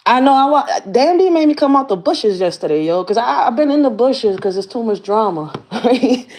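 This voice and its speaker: Higher-voiced woman ranting on her channel, super lively ups and downs, blunt and cussing a lot. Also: normal speed. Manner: blunt, profane, slangy storytelling. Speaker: community activist and channel host. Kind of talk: casual rant to camera.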